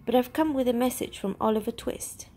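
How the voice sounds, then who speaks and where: A woman's voice: on the high side, brisk, warm tone, pitched above the performer's own voice, close to an everyday voice. A woman voicing a polite, reassuring young man in a storybook reading.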